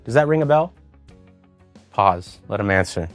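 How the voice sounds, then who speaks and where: A man coaches a sales team in an easy conversational way, stopping now and then to act out sample phone lines. His voice is close and dry on the mic. Soft music plays faintly underneath. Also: mid-range voice, expressive, moderate pace, pauses often, dry recording. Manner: coaching, conversational, demonstrates call scripts. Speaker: sales trainer. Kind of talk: sales training talk with role-play demos.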